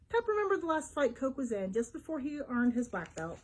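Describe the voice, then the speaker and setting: A woman's voice: high-pitched, brisk, few pauses. A woman librarian reading a children's adventure book aloud, telling it expressively. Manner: expressive storytelling. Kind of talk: storybook read-aloud for children.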